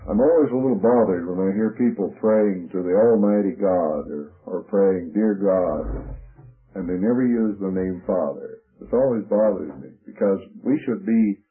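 A man's voice: low-pitched, moderate pace. Man teaching Bible on tinny old radio. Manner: methodical, outlines points by number and letter. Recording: phone-like narrow radio broadcast.

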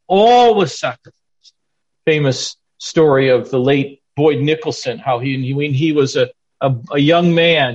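A man's voice: on the high side, husky. An older man giving a plainspoken, earnest sermon to men in a conversational way. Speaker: lay preacher teaching men. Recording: dull lo-fi recording.

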